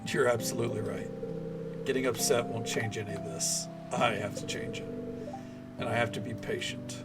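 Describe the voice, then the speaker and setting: A streamer voicing a hurt young man worn down by a long, slow recovery. He speaks quietly and haltingly, choked with frustration. Soft lo-fi music plays underneath. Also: medium pitch, fairly even intonation, distant mic, close to an everyday voice. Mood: resolved, grateful. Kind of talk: reading game dialogue aloud.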